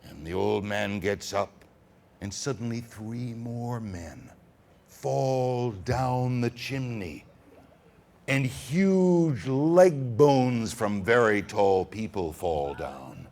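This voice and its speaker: Low-voiced, gravelly male storyteller, lively and dramatic, for kids. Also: slow pace, a little hiss or hum. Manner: animated, dramatic swings of loudness. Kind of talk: storytelling to children. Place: school.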